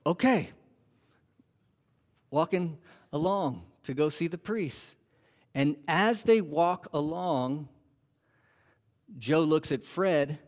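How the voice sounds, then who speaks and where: A male pastor delivers a sermon with animation, posing rhetorical questions to his congregation. His pitch is fairly high, and he speaks slowly with long pauses.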